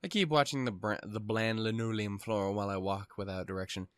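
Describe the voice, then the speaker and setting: A man's voice: fairly low pitch, a little fast, clean tone, dry recording, clean studio sound. Rambling, cursing man reading a game. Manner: rambling, profane, self-mocking. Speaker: let's play host. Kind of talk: reading a visual novel aloud with commentary.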